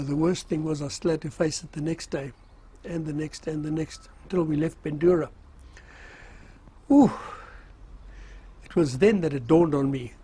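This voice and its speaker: Husky and a little high with a dark tone, this older man's voice carries a loose, self-mocking memoir of army service. He rambles, fills gaps with fillers, and laughs softly at his own stories.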